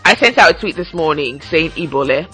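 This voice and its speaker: Bright, chatty woman podcaster. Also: low voice, fairly quick, husky, faint music behind, rough recording. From Nigeria. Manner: lively, chatty, laughs a lot. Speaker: podcast host. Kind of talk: casual solo podcast chat, reading fan tweets.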